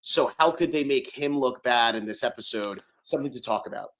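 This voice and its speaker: A man co-hosting a casual podcast chat, animated and quick to restart his sentences. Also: mid-range voice. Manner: animated, repeats words and restarts often. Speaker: podcast co-host.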